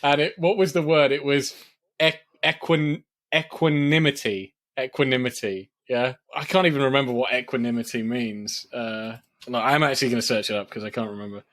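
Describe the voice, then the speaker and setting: Podcast co-host, male, mid-pitched, chatty, laughs a lot while recounting scenes. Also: steady tone, brisk, a bit bright. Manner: laughs often, retells scenes with quoted lines. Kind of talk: casual film chat.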